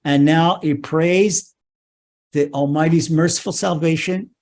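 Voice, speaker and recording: A man teaching as a rabbi, telling a scripture story in an animated way, restarting phrases and saying "okay" often. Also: a little high, measured pace.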